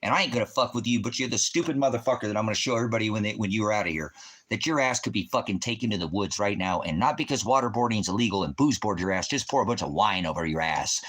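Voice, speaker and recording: Angry guy on a livestream cussing out someone in chat, sharp forceful voice. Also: fairly low pitch, animated, quick pace, slightly rough. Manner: profane, confrontational, yelling accusations. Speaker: livestream host, veteran. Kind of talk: livestream rant at a chat viewer.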